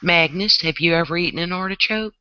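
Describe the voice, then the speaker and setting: A man hosting a casual chat, excitable and teasing, quick to break into loud laughs. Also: a little high, clear, resonant tone, no room sound. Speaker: show host. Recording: lo-fi sound.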